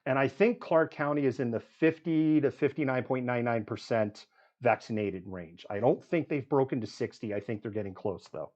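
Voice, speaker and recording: A man's voice: medium pitch, normal speed, darkish tone, highs cut off. Man reeling off statistics on a live show. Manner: reels off statistics with frequent fillers. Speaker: host of a live news show. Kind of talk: live news commentary.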